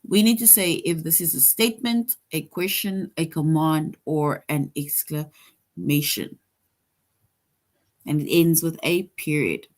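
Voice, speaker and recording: A woman teacher giving an online lesson to second graders, slowly reading example sentences aloud and explaining each one. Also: low-pitched, darkish tone. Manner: slow, deliberate, reads example sentences aloud.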